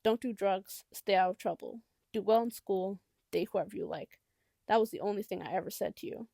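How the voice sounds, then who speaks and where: A woman reading as a protective mother who refuses to show weakness. Her speech is measured and earnest, with a slight rasp of fry. The sound is close and dry, with no room around it. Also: medium pitch, dark tone, dry recording. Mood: firm. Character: worried mother, firm and protective.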